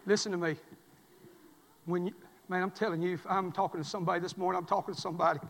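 High-voiced preacher in an echoing church. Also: male voice, fairly even intonation, fast, creaky. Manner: folksy storytelling, swings from low asides to shouted exhortation. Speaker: pastor. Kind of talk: sermon. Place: church sanctuary.

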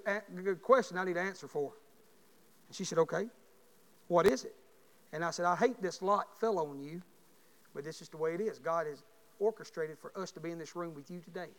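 A man, preaching a sermon in a church by telling a story, rising from quiet talk to shouting. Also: high-pitched, vocal fry. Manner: builds to shouting. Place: church sanctuary. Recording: long hall reverb.

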